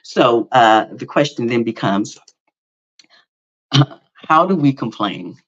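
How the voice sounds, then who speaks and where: A man's voice: mid-range voice, animated, takes it slowly. A middle-aged man hosting a podcast, telling a story in a casual monologue with lots of fillers, restarts and self-mocking asides. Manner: rambling, with many fillers and self-corrections. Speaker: podcast host. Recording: slightly dull lo-fi audio.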